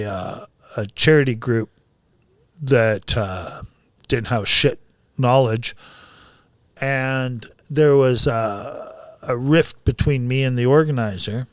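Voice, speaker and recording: A man's voice: medium pitch, clear, resonant tone, no room sound. A man who coaches boxing, talking bluntly and with lots of swearing in a casual podcast chat, often heated.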